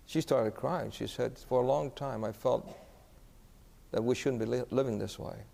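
Gravelly-voiced pastor preaching in a hall. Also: male voice, mid-range voice, moderate pace, dark tone. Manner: earnest, asks the congregation questions. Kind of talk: sermon storytelling. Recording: echoey hall.

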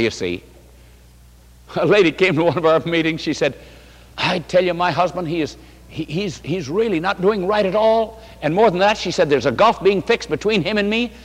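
A man with a high, very lively voice preaches a sermon. He tells stories, acts out the voices of the people in them and laughs now and then. The sound rings with long reverb, as in a big hall. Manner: storytelling with quoted voices and laughter.

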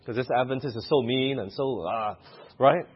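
A man's voice: medium pitch, fairly quick. A man preaching a sermon who keeps putting questions to the congregation. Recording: muffled lo-fi recording.

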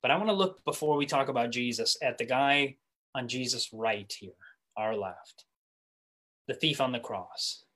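A man preaching a sermon in a conversational way, often restarting and repeating words, telling stories with animation. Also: medium pitch. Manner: animated storytelling, speeding up and slowing for emphasis.

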